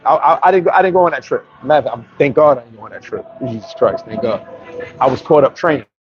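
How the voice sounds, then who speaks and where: A man's voice: medium pitch, lively intonation, fast, dull audio. A man from New York telling brash, profane stories in a casual storytelling monologue as a vlogger.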